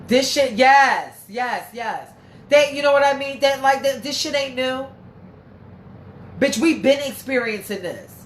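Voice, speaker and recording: Hosting a casual livestream, a woman reads viewer comments and talks bluntly and profanely with heated emphasis. Her high, animated voice keeps a measured pace, recorded in an echoey room with faint background noise.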